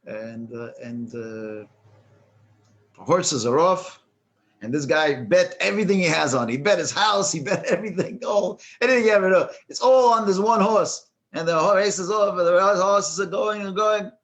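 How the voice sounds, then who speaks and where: This rabbi's voice is high-pitched and a bit bright as he shares a joke, chuckling along, before explaining a prayer in his class. His speech is halting, packed with fillers and restarts.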